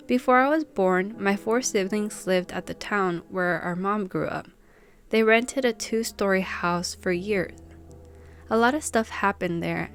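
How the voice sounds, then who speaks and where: A woman hosting a channel, reading viewers' submitted stories aloud and chatting casually about them. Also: mid-range voice.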